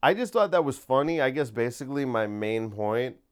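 A man's voice: mid-range voice, expressive, moderate pace, clear, resonant tone. A man talking in a casual solo monologue, rambling and wry, often interrupting himself.

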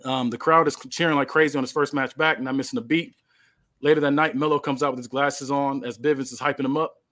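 A man's voice: mid-range voice, steady tone, fast talker, sharp tone. A male podcast host casually narrating a made-up wrestling storyline, with fillers.

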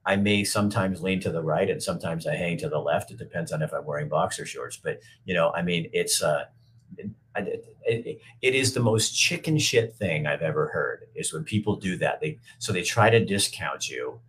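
A middle-aged man with a deep, low-pitched voice chats loosely on a livestream and reads out viewers' comments. He answers them bluntly and wanders from point to point, swearing freely and restarting his sentences. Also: expressive, normal speed, a bit bright, slight background noise. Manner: rambling, blunt, with frequent profanity and restarts. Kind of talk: casual unscripted livestream talk.

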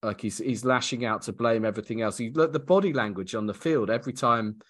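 A man's voice: medium pitch, quick pace, fairly bright tone. A man co-hosting a casual sports podcast, talking through the game analytically with hesitant restarts and easy laughs. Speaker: podcast co-host.

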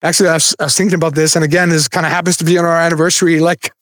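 A man's voice: on the high side, little pitch movement, racing, a bit bright, no room sound, clean studio sound. A man in his thirties preaching a conversational sermon as a pastor, with chatty asides and light laughter.

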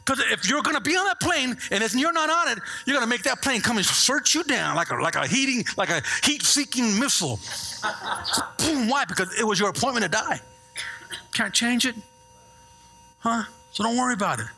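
A middle-aged man preaching a sermon as a pastor, telling stories with lively asides and checking in with the congregation. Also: very high-pitched, fairly quick, vocal fry, breathy edge. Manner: animated storytelling with call-and-response asides.

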